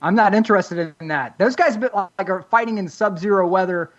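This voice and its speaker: A co-host riffing through funny stories on a sports show, quick to joke and animated. The audio is dull and lo-fi. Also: mid-range voice. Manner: joking, animated storyteller. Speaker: podcast co-host. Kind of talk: casual sports banter.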